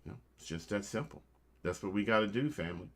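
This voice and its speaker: A man's voice: lowish voice, expressive, fast talker. A man hosting a casual show, joking around and giving motivational tips, calling his listeners family. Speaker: host.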